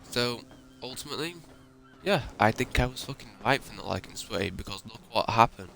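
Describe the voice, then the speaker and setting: A man's voice: mid-range voice, a little fast, gravelly, a bit bright, soft background music. A man ranting in an upset, emotional way and swearing often, as a YouTuber talking to his viewers. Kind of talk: ranting monologue.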